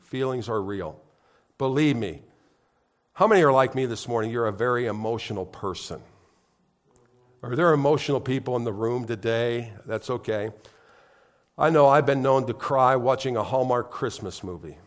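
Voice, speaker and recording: A man's voice: medium pitch, normal speed. A middle-aged man preaching a sermon in church, conversational and heartfelt, building to emphatic, rising appeals. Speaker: pastor.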